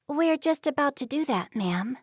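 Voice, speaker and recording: A woman's voice: high-pitched, lively intonation, normal speed, dry recording, studio quality, pitched above the performer's own voice. A woman voicing a reserved, stubborn young Amish woman in a storybook reading, speaking plainly. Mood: teasing.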